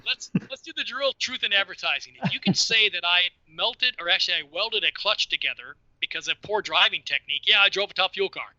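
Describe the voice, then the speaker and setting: A middle-aged man with a strikingly bright, forceful voice tells casual stories, joking at his own expense. The sound is dry and close, but dull and lo-fi. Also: high voice, brisk, few pauses, no room sound. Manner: lively, laughing, self-deprecating storyteller. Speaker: podcast guest. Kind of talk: casual storytelling.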